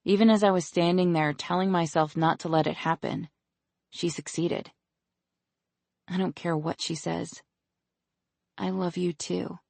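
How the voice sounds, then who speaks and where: An audiobook narrator voicing an anxious, emotional young woman in love, speaking hesitantly and softly. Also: medium pitch, fairly even intonation, measured pace, vocal fry, long pauses, no room sound. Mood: earnest.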